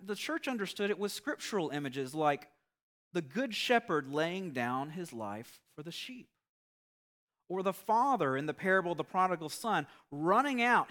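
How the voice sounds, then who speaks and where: A man's voice: high voice, fairly bright tone. Earnest man preaching a sermon. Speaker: pastor.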